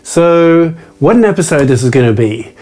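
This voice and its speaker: Man, meditation vlog host, mellow warm tone, playful and self-mocking, quick chatter then slow deliberate phrases, faint guitar underneath. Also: on the high side, expressive. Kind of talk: casual talk to camera.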